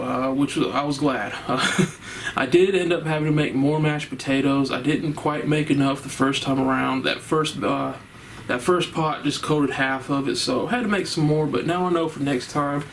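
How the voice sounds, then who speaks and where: A man's voice: a little high, slight background noise, poor audio. Chatty man reviewing a horror movie. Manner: enthusiastic, rambling, laughs often.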